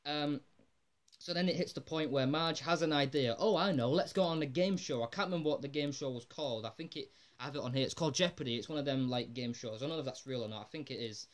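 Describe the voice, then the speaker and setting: A man's voice: medium pitch, fast talker. Rambling man recapping an episode. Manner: rambling and excitable, full of "like" and casual swearing. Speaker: episode reviewer. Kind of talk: casual spoken episode recap.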